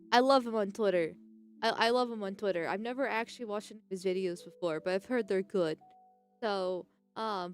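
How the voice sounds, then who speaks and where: A woman's voice: mid-range voice, clear, resonant tone. A young woman chatting on a live stream, rambling with frequent restarts and laughs, and reading chat messages aloud. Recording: faint background music.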